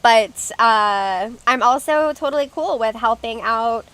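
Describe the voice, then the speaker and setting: A young woman hosting a casual livestream, with a bright, fairly high voice. She talks in a loose, chatty way and reads viewers' comments aloud as she plays. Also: measured pace, clear, resonant tone. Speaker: livestream host.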